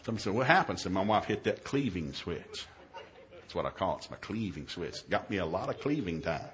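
A man who is a minister, telling a humorous story in a sermon, acting out his own yelled lines in a raised voice. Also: brisk, a crowd in the background. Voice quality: animated, shifts to high yelling quotes.

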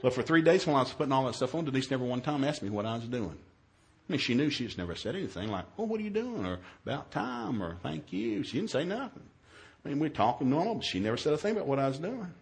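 A man who is a minister, telling a humorous story in a sermon, acting out his own yelled lines in a raised voice. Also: rapid-fire. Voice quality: animated, shifts to high yelling quotes.

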